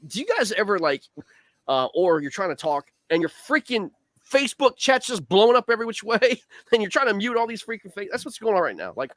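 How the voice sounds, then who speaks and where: A man hosting a casual talk stream, animated and saying "man" a lot. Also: sits high, a little fast, no room sound. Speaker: host, league organizer. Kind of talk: casual chat.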